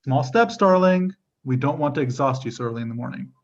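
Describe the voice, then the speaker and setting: An actor playing a brisk, soothing husband. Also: mid-range voice, steady tone, natural voice. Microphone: video call. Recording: dull, lo-fi call audio.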